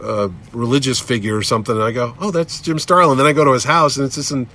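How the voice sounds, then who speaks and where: Animated storytelling man. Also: mid-range voice, rapid-fire. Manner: acts out quoted people in shifting voices, rambling and animated. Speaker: podcast host. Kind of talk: casual chat, animated storytelling.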